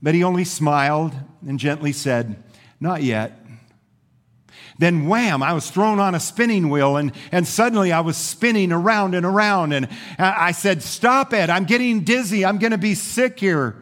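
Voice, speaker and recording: A pastor voicing a frightened, complaining talking teacup that pleads and cries out while it is shaped, fired and painted in a sermon story. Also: male voice, a little high, normal speed, hardly any pauses, a bit bright, pitched above the performer's own voice, close to an everyday voice. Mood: protesting.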